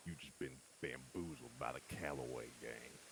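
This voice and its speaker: A man playing a deep-voiced scheming outlaw. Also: moderate pace, vocal fry, background noise. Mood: threatening. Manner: conspiratorial, bossy gang leader. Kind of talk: role-play in an online western game.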